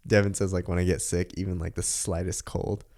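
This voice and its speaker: A man's voice: deep voice, a little mellow. A young man hosting a podcast, chatting casually and rambling with lots of filler words and laughs. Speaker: podcast host. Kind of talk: casual chat.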